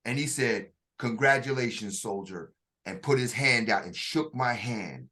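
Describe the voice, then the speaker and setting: A man casually telling a story in conversation, animated and full of slang, with vocal sound effects. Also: mid-range voice, normal speed. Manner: uses slang and restarts. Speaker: storyteller in a two-man dialogue.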